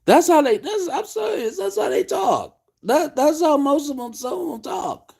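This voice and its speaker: A man's voice: very high voice, sing-song, normal speed, creaky, a little mellow. A man hosting a late-night live stream, ranting in a profane, exasperated way.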